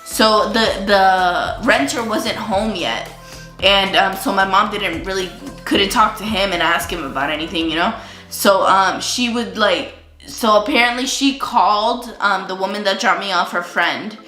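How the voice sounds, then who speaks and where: A woman's voice: mid-range voice, measured pace, pushed and bright. A young woman vlogger telling a casual storytime while doing her makeup, chatty and full of likes and ums, saying she feels sick. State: feeling sick. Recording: echoey room with faint music.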